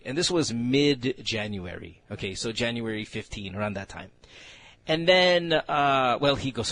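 A man's voice: medium pitch, lively intonation, normal speed, fairly bright tone. A man with a Filipino accent hosting a morning radio show, telling stories with frequent laughs. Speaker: radio host. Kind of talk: casual morning radio banter.

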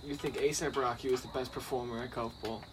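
A man, chatting casually on a podcast and asking quick, relaxed questions. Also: medium pitch. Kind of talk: casual chat. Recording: noticeable background noise.

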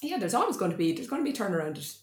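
A woman's voice: medium pitch, very animated, roomy sound. A woman, a guest on a casual sports podcast, blunt and emphatic. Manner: blunt, emphatic, quick-fire. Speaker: club insider guest.

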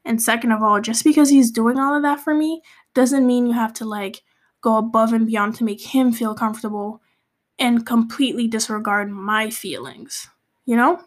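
A young woman from Cape Verde talks through a hurtful chapter of her life in a loose, confessional vlog style. Her voice sits a touch high. She rambles with fillers and restarts and drops to a hushed whisper here and there. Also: moderate pace. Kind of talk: casual confessional storytelling.

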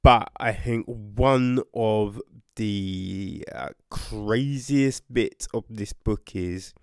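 A man casually reviewing a book, animated, with frequent swearing, exclamations and restarts. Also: on the low side, extremely slow, creaky, no room sound, clean studio sound.

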